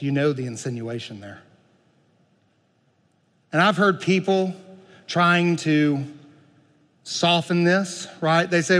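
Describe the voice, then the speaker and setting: A male pastor preaching a sermon, moving between loud pleading and quiet, conversational asides. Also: on the high side, takes it slowly, long pauses, long reverb tail.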